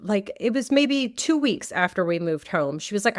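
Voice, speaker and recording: A woman's voice: mid-range voice, animated, moderate pace. A woman in her forties, a guest on a podcast, telling personal stories in a chatty, candid way and acting out quotes. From New Jersey. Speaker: guest, death doula and grief coach. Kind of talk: casual storytelling interview.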